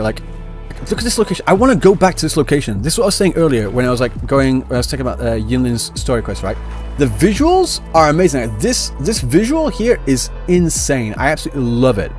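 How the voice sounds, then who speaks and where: A man's voice: medium pitch, big pitch swings, brisk. A man streaming a game live, chatting to viewers in a rambling, self-correcting way. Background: game audio and music.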